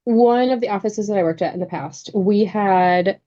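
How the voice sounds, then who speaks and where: A woman co-hosting a casual podcast chat, telling stories from her career coaching work with quick asides. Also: medium pitch, dark tone, highs cut off. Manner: chatty storyteller, quick asides.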